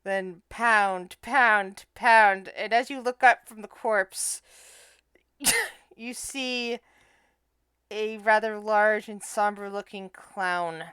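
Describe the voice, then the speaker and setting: Bright, crisp woman running a tabletop game. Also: mid-range voice, steady tone, dry recording, studio quality. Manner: halting, restarts mid-phrase while describing scenes. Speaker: game master.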